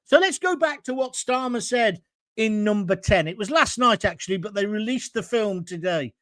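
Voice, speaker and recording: A middle-aged man hosts a live political talk stream, arguing hard and rising to near shouts. His voice sits unusually high for a man. The sound is dry and close, with no room around it. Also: animated, moderate pace, dry recording. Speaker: host of a live online political show. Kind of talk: opinionated live-stream commentary reading viewer comments.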